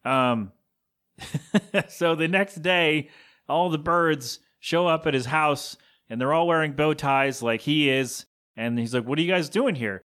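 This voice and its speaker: A podcast host with a slightly raised pitch, chatting casually. He rambles along and pokes fun at himself as he goes. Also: slow pace, a bit bright, clear, resonant tone. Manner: rambling and self-mocking.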